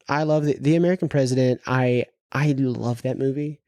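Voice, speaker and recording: A man chatting on a podcast in a mellow, warm voice. He rambles, restarting his sentences over and over and stacking up fillers. The sound is close and dry, with no room echo. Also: mid-range voice, brisk. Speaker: podcast co-host. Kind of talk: casual movie chat.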